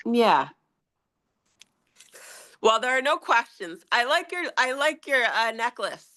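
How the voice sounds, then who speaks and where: A woman's voice: a little high, sing-song, slow, sharp tone. A woman in a casual group chat on a video call, talking freely with fillers and laughter. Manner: chatty, frequent laughs and fillers. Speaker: meeting participant.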